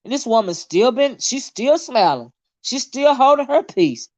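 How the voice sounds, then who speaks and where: Hosting a casual livestream, a woman with a fairly high voice reads viewer comments aloud at a moderate pace. She rants in an animated, indignant way and swears freely, and there's no room sound on the recording.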